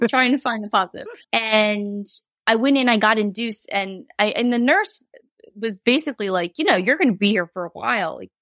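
A woman's voice: on the high side, moderate pace, fairly bright tone, dry recording. A woman in her thirties, a guest telling a personal story in a candid, rambling way, with laughs and quoted asides. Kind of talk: casual interview storytelling.

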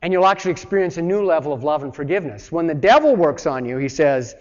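Guy giving a sermon, earnest and direct, pretty high voice, muffled with a long echo tail. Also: animated, quick pace, few pauses. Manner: earnest, plain-spoken, addresses listeners directly; acts out voices when quoting. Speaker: preacher. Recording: dull sound with long reverb.

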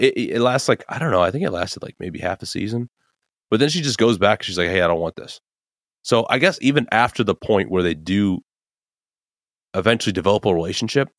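A man's voice: fairly low pitch, no room sound, studio quality. A young man hosting a podcast, ranting casually about a TV show with lots of fillers and tag questions. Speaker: podcast host. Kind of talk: casual opinion monologue.

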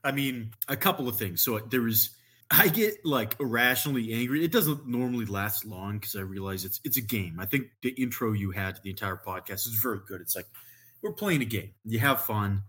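A laid-back man co-hosting a podcast, chatting casually and laughing easily. His voice has a husky, slightly rough edge. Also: medium pitch, lively intonation, a bit bright. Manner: easygoing, quick to laugh. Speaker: podcast co-host. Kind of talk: casual chat.

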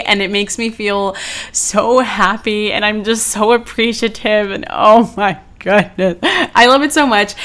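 Bubbly young woman, slightly high voice. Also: sharp tone. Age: 20s. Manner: bubbly, effusive, gushing. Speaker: podcast host. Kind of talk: casual solo podcast talk.

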